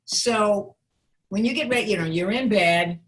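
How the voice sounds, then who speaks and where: A woman voice actress and coach chatting casually in an interview, relaxed and playful, with plenty of fillers. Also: medium pitch, measured pace.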